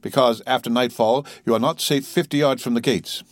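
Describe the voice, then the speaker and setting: A man's voice: medium pitch, fairly even intonation, brisk, no echo, clean studio sound, pitched above the performer's own voice, lightly acted. A man voicing a touchy Italian innkeeper. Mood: insistent. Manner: earnest, insistent.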